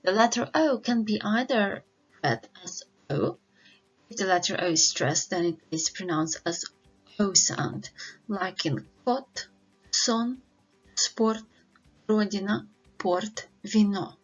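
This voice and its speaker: A woman teaches a language lesson, speaking slowly and deliberately as she drills pronunciation. Her voice is a little husky, set at a middle pitch. The audio is slightly dull, with faint music behind her. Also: lively intonation. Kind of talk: language lesson, slow and careful.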